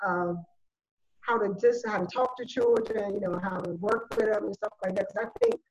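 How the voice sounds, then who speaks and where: A woman's voice: medium pitch, expressive, normal speed, darkish tone, highs cut off, slight background noise. A woman in casual group discussion, speaking animatedly and acting out exchanges with children. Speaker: panel guest sharing parenting views.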